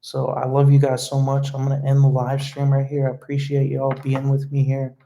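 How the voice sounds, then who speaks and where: Flat, mellow-voiced young man on a live stream. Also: medium pitch, fairly quick, slight background noise, rough recording. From United States. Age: young adult. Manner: emotional, earnest, rambling with fillers. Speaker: vlogger hosting a live stream. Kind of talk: casual live-stream chat reading comments.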